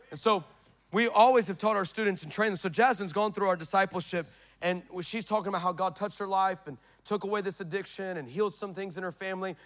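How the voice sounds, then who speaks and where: A middle-aged pastor delivers a sermon in church, telling a story with high drama and swinging between shouting and hushed tones. His voice sits high.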